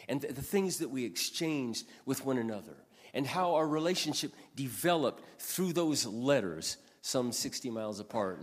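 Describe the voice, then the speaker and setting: A man in his sixties giving an earnest sermon as pastor, repeating lines for emphasis. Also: mid-range voice. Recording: long hall reverb.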